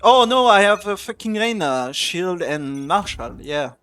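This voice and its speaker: A man's voice: sits high, measured pace, smooth. A man streaming live gameplay, ranting angrily at his teammates with heavy swearing. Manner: complains loudly about teammates. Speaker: streamer playing a competitive shooter.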